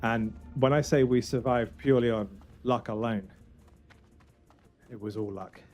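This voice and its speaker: A man streaming a game for charity in casual, joking chat, swinging from loud outbursts to quiet muttering. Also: mid-range voice, unhurried, soft background music.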